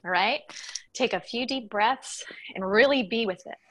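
A woman guiding listeners step by step through a tapping exercise, pausing often with a reassuring "okay". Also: a little high, fairly bright tone. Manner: slow, step-by-step coaching with frequent "okay". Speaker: guest teacher. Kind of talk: guided tapping instruction.

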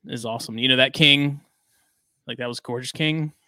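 Gravelly, rambling man. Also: medium pitch, moderate pace, no room sound. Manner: relaxed, rambling storyteller with many fillers. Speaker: podcast co-host. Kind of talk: casual chat.

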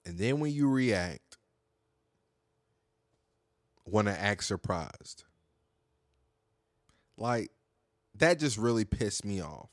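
Heated, profane low-voiced man. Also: expressive, slow, pauses often, no room sound, studio quality. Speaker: podcast host. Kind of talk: casual monologue podcast.

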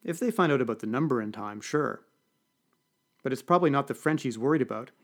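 A man voicing a sharp, condescending female diplomat who speaks in a cool, clipped way. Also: mid-range voice, lively intonation, brisk.

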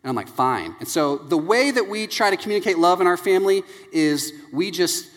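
A man in his thirties delivers a sermon as an animated storyteller, slipping into family members' voices. His voice sits slightly high. The sound carries a long hall reverb. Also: brisk. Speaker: pastor. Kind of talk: sermon with anecdotes.

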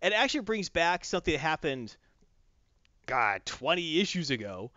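An animated man co-hosting a casual review chat, retelling plots and acting out the characters. His voice sits a bit high and swings widely, recorded dry and close with a dull, lo-fi muffle. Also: moderate pace, no echo. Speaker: podcast co-host reviewing comics.

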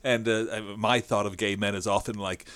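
A middle-aged man hosting an interview, speaking thoughtfully and haltingly with many fillers. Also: fairly low pitch, flat delivery, a bit bright, clean tone, no room sound. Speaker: podcast host. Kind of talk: casual interview chat.

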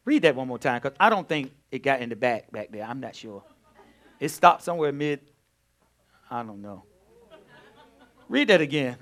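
Emphatic male preacher, lively pitch. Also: normal speed, long pauses. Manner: emphatic preacher, swings from quiet to loud. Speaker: pastor. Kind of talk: preaching a sermon.

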